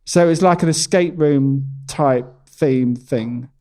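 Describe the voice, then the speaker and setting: A man's voice: mid-range voice, takes it slowly, a little mellow, faint music behind. A man hosting a casual podcast chat while painting, teasing his guest with dry humour. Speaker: podcast host and portrait painter. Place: venue in a bar.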